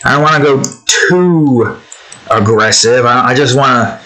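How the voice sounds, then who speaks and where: A man chatting casually while he draws, rambling through off-topic asides and swinging into animated mock rants. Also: medium pitch, takes it slowly, rough recording. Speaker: art vlogger. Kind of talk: casual chat while drawing.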